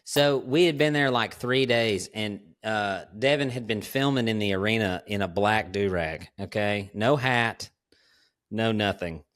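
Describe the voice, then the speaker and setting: A man, hosting a podcast and telling ranch stories in a relaxed, drawling way, laughing often. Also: fairly low pitch, unhurried. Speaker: podcast host. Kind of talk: casual storytelling chat.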